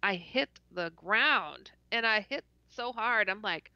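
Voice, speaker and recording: Woman guest telling her story, laughs a lot, acts out her reactions, raspy fry in the voice, dry lo-fi call sound. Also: a little high, normal speed, hardly any pauses, dry recording. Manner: animated, laughing often, stuttering, acting out her own reactions. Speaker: podcast guest. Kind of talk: casual storytelling in an interview.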